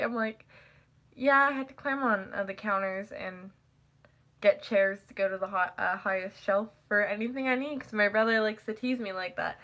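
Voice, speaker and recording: A teenage girl chatting casually to the camera, rambling and packing her talk with "like" and quick laughs. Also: medium pitch, pushed and bright. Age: teens. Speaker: vlogger.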